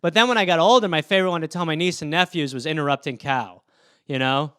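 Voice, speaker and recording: High-voiced man riffing in silly accents. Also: sharp tone, clean tone, dry recording, clean studio sound. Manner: rapid switches between mock accents, profane, playful. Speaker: comedy podcast host. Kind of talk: comic riffing with put-on accents.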